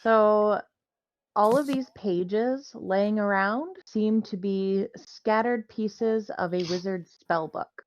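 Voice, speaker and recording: A woman serving as dungeon master who narrates a tabletop game in a relaxed, easygoing way. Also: medium pitch, slow, no echo, dull audio.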